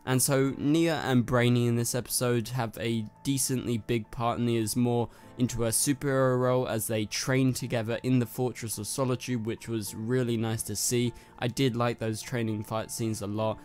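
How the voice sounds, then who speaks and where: A man's voice: mid-range voice, steady tone, moderate pace, hardly any pauses, darkish tone, clear, resonant tone, soft background music. A man from North London with a London accent, casually reviewing a TV episode in a chatty, rambling way, full of fillers. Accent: London English. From North London, England. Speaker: TV review host.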